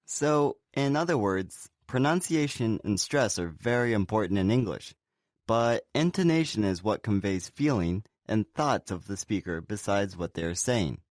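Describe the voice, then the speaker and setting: A man co-hosting a scripted pronunciation lesson. His voice sits on the low side, and he explains things clearly and steadily. The sound is dry, with no room around it. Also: lively intonation, unhurried, dry recording. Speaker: pronunciation teacher.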